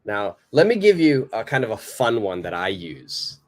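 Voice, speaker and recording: A man teaching a live online English lesson, patiently repeating example sentences in a clear, careful way. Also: lowish voice, big pitch swings, normal speed, a little mellow.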